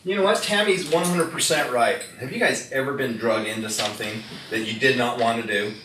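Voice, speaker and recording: A man's voice: medium pitch, brisk. A man giving a live product demonstration to an audience, telling stories and quizzing the crowd. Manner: folksy storyteller who quizzes the crowd. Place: indoor room with audience. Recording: echoey room, distant mic, faint noise.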